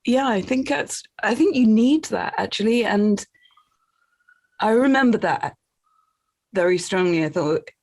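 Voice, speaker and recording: An English woman actor in casual conversation, speaking haltingly with warm, affirming remarks. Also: mid-range voice, animated, no room sound.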